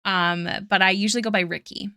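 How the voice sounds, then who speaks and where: A woman's voice: medium pitch, steady tone, fairly quick, bright, forceful tone, clean tone, dry recording, clean studio sound. A woman streaming her art live, chatting casually with viewers, giggling often and thanking them one by one.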